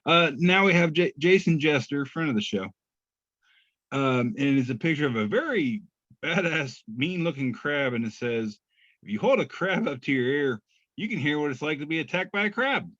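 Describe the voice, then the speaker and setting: A man's voice: fairly high pitch, expressive, normal speed, a bit bright, no echo. Laid-back man reading memes on a podcast. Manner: laid-back, chuckling, self-deprecating. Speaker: podcast co-host. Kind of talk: casual chat reading memes aloud. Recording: slightly muffled dry podcast audio.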